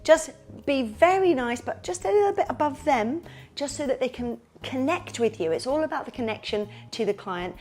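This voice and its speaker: A woman's voice: high-pitched, normal speed. A woman giving casual business advice, jumping into comic voices for pretend phone calls. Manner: lively, switches into comic voices. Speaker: kids party entertainer and business coach.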